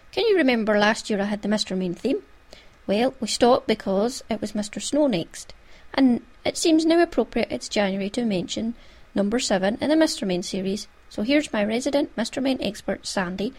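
A Scottish woman hosts her own podcast in a relaxed, chatty way. She talks at an everyday middle pitch and keeps slipping in little asides. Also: normal speed. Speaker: podcast host. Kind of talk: casual podcast chat.

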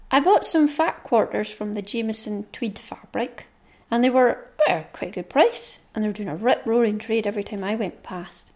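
A woman's voice: medium pitch, darkish tone. A middle-aged woman, hosting her own podcast in a chatty, rambling monologue and reading through a long list. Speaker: knitting podcast host. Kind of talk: casual monologue.

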